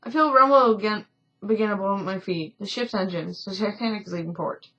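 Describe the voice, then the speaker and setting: A woman's voice: mid-range voice, brisk, pushed and bright, highs cut off. A woman reading a story game aloud in a casual let's-play, often stumbling and correcting herself, with chatty asides.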